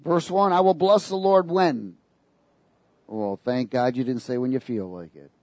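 A man preaching a sermon, lively and sarcastic, laughing between his points. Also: medium pitch, measured pace, no echo.

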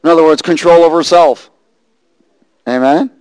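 A preacher man reads scripture and tells a story from his own life. His voice sits fairly high, and the sound is dry and close. He tells the story with lively energy. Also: moderate pace, clean tone, dry recording, rough recording. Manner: animated storytelling, rising to shouts and laughter. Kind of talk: sermon with personal story.

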